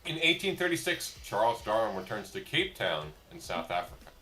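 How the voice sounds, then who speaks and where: A man's voice: fairly low pitch, sing-song, a little fast, bright, forceful tone, faint music behind. A man co-hosting a casual group chat, reading history dates with dry joking asides. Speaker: co-host.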